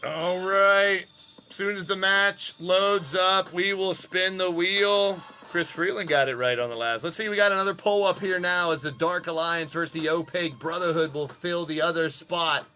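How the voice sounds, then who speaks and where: A man's voice: sits high, normal speed, sharp tone, faint music behind. A man hosting a live stream of simulated wrestling, chatting with viewers in a loose, profane, playful way. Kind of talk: casual live-stream commentary.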